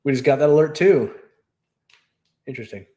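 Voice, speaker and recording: Speaking a little fast with a warm tone, this man has a medium-pitched voice and lively intonation. He's the streamer and host of a livestream from his new Texas home, telling stories in a loose, rambling way and laughing often.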